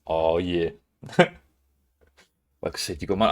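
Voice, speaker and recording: A man's voice: low-pitched, animated, measured pace. Sweary British man chatting on a stream. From Britain. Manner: rambling, sweary, laughs a lot. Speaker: livestreamer. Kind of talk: casual live-stream chat.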